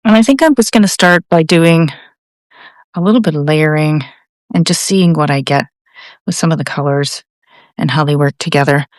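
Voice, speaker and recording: A woman's voice: sits low, normal speed, long pauses, dry recording, clean studio sound. A middle-aged Canadian woman giving a real-time painting lesson, chatting and thinking aloud with enthusiasm. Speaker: art tutor.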